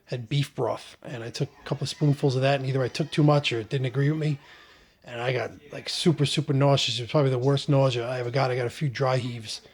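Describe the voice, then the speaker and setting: A man vlogging about his own surgery in a relaxed, joking way, with many ums and restarts. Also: medium pitch, fast, husky. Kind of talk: casual first-person storytelling.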